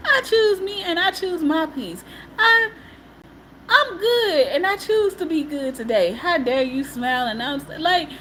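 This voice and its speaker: High, lively-voiced woman venting on a livestream. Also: unhurried, a little hiss or hum, poor audio. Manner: emphatic and repetitive, often laughing; casual colloquial speech. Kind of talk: emotional live-stream monologue.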